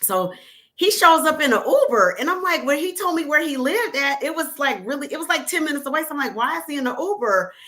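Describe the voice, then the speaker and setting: Frank, bright-voiced woman telling stories. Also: sits high. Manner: animated, frank, quick to laugh. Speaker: guest. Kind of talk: casual storytelling.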